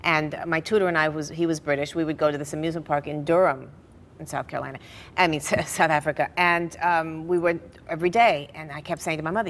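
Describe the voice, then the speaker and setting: A middle-aged woman telling family stories in a television interview, animated and laughing now and then. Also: low-pitched, fast, a little hiss or hum. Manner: animated storyteller, laughs through her stories. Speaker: interview guest. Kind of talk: personal storytelling in a TV interview.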